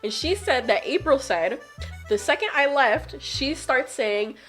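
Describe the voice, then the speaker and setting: A young woman telling a story casually, swearing a lot, her voice climbing higher whenever she gets heated. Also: measured pace, soft background music. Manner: profane, animated, voice climbs when heated. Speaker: vlogger.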